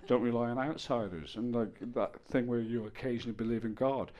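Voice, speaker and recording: A middle-aged man doing a stand-up set on stage, telling stories deadpan with bursts of loud exasperation. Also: mid-range voice, brisk, muffled recording. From Ireland. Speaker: stand-up comedian. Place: comedy stage with audience.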